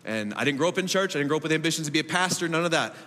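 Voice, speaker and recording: A man in his thirties preaching a sermon as pastor, emphatic, with laughing asides and big swings between loud and soft. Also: fairly high pitch, lively intonation, racing. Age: 30s. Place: church auditorium. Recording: echoey hall reverb.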